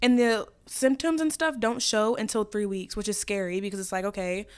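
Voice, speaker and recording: Chatty young woman with a smooth voice. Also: mid-range voice, fairly even intonation, normal speed. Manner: chatty and gushing, swears casually. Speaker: podcast host. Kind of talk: casual solo podcast chat.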